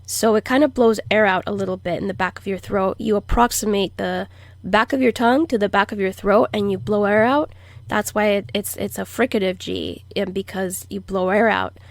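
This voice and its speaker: A woman teaching a language lesson, who says each word slowly and clearly for learners to repeat and explains pronunciation patiently. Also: mid-range voice, fairly even intonation, no echo. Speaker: Spanish teacher. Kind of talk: slow, deliberate language lesson.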